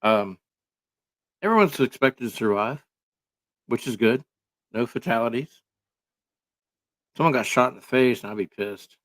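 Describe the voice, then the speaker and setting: A man's voice: mid-range voice, animated, unhurried, pauses often, a bit bright. A man giving casual, rambling commentary full of sarcastic jokes and filler words.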